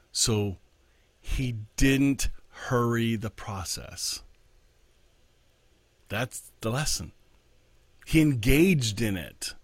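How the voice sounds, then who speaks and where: A man who is a pastor and podcast host, talking in an earnest, reflective way in a candid monologue and slowing down to stress his points. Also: medium pitch, no room sound.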